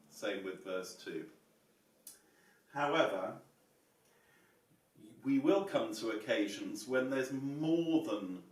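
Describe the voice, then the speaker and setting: Slow-spoken man in an echoey room. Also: lowish voice. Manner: measured and explanatory, often saying "yeah?"; plays piano while demonstrating. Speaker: choral music teacher. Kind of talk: music lesson on psalm chanting. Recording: echoey room, distant mic, piano.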